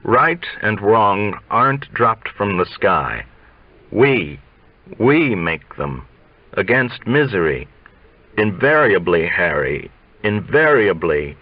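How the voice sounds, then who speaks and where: A man reading aloud, voicing a frail old male coach who lectures slowly in a sly, scolding schoolteacher tone. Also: on the low side, very animated, dry recording, lo-fi sound, full character voice. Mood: solemn.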